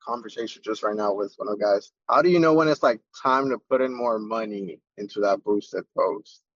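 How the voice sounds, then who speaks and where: A man's voice: fairly low pitch, brisk, no echo, dull audio. A man, a fitness coach, asking questions on a coaching call in a subdued, agreeable way. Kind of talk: reading his own short video, then chatting on a call.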